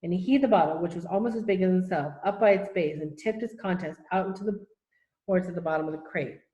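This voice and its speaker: A woman reading a children's novel aloud in a steady, even manner, in an echoey room. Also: fairly low pitch, fast. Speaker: audiobook reader. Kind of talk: storybook narration.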